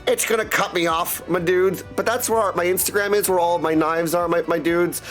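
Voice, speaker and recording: A man chatting excitably with his viewers on a live stream, full of catchphrases. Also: high-pitched, fairly quick, faint music behind. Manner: excitable, chatty, keeps saying my dudes. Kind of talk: casual live-stream chat.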